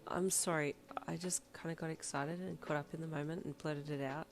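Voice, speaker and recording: A woman voicing a shy teenage girl musician who talks in a soft, dry, deadpan way, in a storybook reading. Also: deep voice, brisk, faint music behind.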